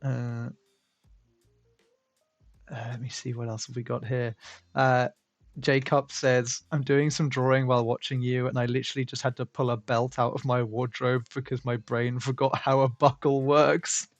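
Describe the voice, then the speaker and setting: A man's voice: mid-range voice, little pitch movement, moderate pace, no room sound. A man hosting a casual livestream, reading viewer comments aloud and laughing often. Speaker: stream host.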